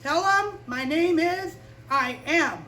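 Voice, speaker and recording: A woman voicing God as a calm male deity who gives commands in slow, emphatic declarations. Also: sits high, echoey room, far from the mic, slight background noise, heavily acted. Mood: commanding.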